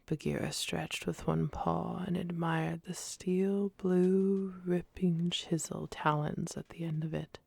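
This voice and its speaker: Woman, whispered role-play, ASMR storyteller, very slow, gravelly, soft-spoken, dry close mic. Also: lowish voice, steady tone, no echo. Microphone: close binaural studio mic.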